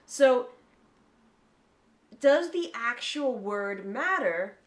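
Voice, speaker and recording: A woman co-hosting a podcast in casual chat. She is lively and swears freely, and she explains things at length. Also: on the high side, drawn-out words. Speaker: podcast co-host.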